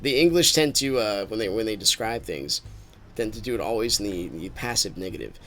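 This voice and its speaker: A man's voice: lowish voice, expressive, fairly quick, a bit bright, faint music behind. A man streaming a game with casual commentary, rambling and thinking aloud as he drifts into musings.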